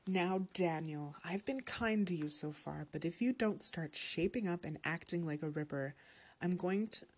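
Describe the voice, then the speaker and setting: A woman's voice: on the low side, normal speed. A woman reading a horror story voices a cruel female vampire cult leader who coos with menacing glee. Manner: cooing, gleeful, menacing.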